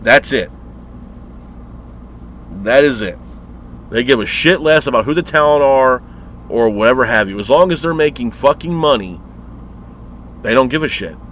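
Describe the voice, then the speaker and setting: A man's voice: mid-range voice, animated, normal speed, pauses often, a bit bright. A man rants into the camera with a cursing, exasperated edge, circling back to the same complaints and firing off rhetorical questions. His voice sits in an ordinary middle register. A faint hum of passing traffic lingers behind him. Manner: profane, exasperated ranting. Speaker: wrestling show reviewer. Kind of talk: ranting vlog review.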